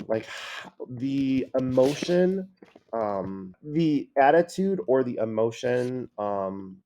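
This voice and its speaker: A male high school teacher giving a casual classroom lecture, acting out example phrases in different tones. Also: gravelly, mellow. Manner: casual, acts out quoted phrases with shifting tone.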